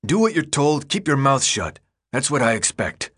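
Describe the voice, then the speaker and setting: A man's voice: mid-range voice, big pitch swings, normal speed, a bit bright, breathy edge, voice pushed up. A man voicing a cocky, sarcastic teenage boy runner who talks in mocking, bossy slang. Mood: scornful.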